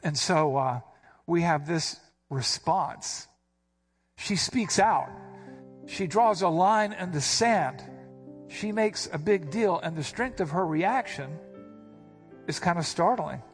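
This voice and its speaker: A man delivering a sermon in a slightly higher-than-usual voice. He explains scripture verse by verse and leans hard on key words with dramatic inflection. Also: expressive, takes it slowly, long pauses, faint music behind. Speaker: pastor.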